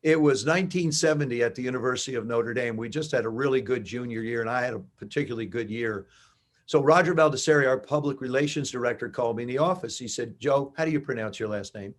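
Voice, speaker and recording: A man in his seventies from New Jersey, a guest in an interview, telling animated stories and acting out dialogue. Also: mid-range voice, fast talker. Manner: animated anecdotes with acted-out dialogue. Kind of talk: conversational storytelling.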